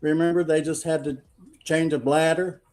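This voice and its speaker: Man on the panel, mellow tone, slightly high, ribbing the host. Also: flat delivery. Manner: teasing, halting with restarts. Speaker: panel guest. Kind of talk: casual livestream banter.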